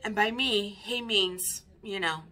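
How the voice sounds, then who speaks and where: A woman's voice: mid-range voice, slow pace, bright, forceful tone. A woman in her fifties, a record collector chatting casually in a vinyl tag video, wry and self-mocking. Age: 50s.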